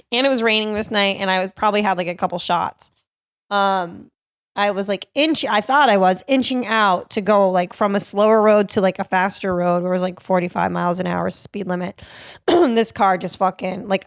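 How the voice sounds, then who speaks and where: Woman podcast host, from Cape Cod, swears a lot, laughs often, mid-pitched voice, dry close sound. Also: no room sound. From Cape Cod, Massachusetts. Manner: profane, laughing, animated storyteller. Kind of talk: casual storytelling.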